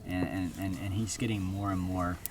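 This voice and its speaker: A man's voice: low-pitched, level tone, normal speed, recorded from a distance. Rambling man telling a campfire story. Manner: rambling, lots of fillers and restarts. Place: outdoors at a campfire in a campground. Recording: outdoor campground noise.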